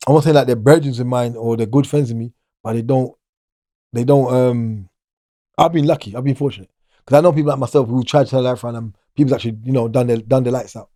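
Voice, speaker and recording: Middle-aged guy rambling fast in an interview, dark voice, dry mic. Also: medium pitch, steady tone, no room sound. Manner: fast, rambling, restarts sentences. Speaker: guest, former prisoner. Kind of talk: casual interview talk.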